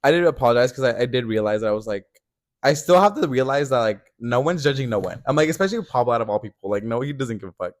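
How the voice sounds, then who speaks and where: A man's voice: medium pitch, animated, quick pace. A young man co-hosting a podcast in casual chat, talking loosely with lots of fillers. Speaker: podcast co-host.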